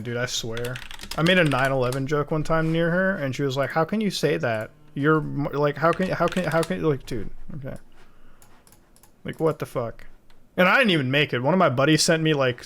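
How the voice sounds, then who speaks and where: A man's voice: mid-range voice, fairly bright tone, a little hiss or hum. A young man streaming from home while editing video, chatting casually and rambling with lots of swearing and laughing asides.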